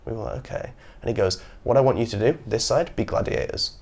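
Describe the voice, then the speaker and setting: A young man hosting a podcast, telling stories in a casual, animated way and acting out the people he quotes. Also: mid-range voice, fast talker. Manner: animated storyteller who acts out quotes. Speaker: podcast host. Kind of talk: casual chat.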